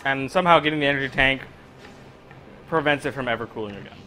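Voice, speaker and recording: A man with a North American accent commenting casually on his own live speedrun, often halting and repeating words while he plays. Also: mid-range voice, bright, forceful tone, soft background music.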